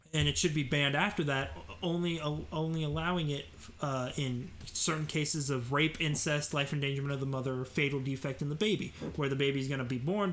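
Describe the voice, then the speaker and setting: A man's voice: on the high side, a little hiss or hum. Opinionated man hosting live political talk. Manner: opinionated, rambling with fillers and restarts. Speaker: host.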